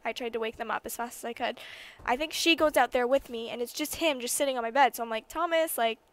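A young woman with a high voice tells a story to her camera from her bedroom. She talks casually, full of filler words, and gets excited and emphatic at the big moments. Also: quick pace, dry recording. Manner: chatty, lots of fillers, rising to excited emphasis. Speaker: vlogger.

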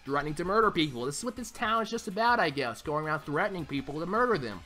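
Male let's play host, sarcastic and joking, bright and lively delivery. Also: on the high side, fast talker, faint music behind. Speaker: gaming channel host.

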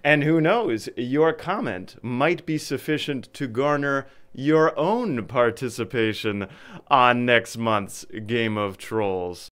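A man presenting a comedy segment, announcing winners to the ladies and gentlemen like a showman. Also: medium pitch, takes it slowly, clean tone. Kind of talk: mock awards announcement.

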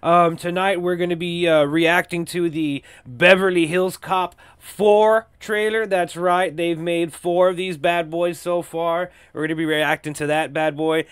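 A man's voice: on the high side, fairly even intonation, measured pace, hardly any pauses, smooth, no room sound, clean studio sound. A profane, jokey male podcast host. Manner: profane, jokey, rambling with frequent fillers. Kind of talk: casual solo podcast chat.

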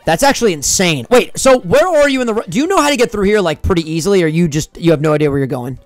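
Excitable high-voiced young man gaming. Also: fast talker, no room sound, soft background music. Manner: excitable, jokey, bursts into loud laughs and sing-song. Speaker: co-host playing a video game. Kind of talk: casual gaming commentary.

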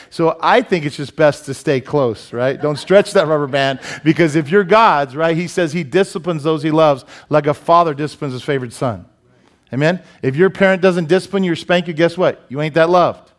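A middle-aged man, a pastor, preaching a conversational sermon, telling anecdotes and asking his listeners "Amen?". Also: fairly high pitch.

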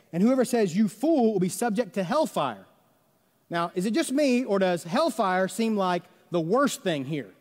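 A man's voice: high voice, darkish tone. A male pastor, preaching a conversational sermon full of rhetorical questions and quoted voices. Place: church sanctuary. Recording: reverberant church sanctuary.

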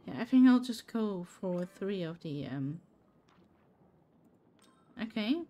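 A woman's voice: mid-range voice, animated, takes it slowly, warm tone. A woman streaming a game, chatting casually with her viewers by name and laughing often. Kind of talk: casual live-stream chat while gaming.

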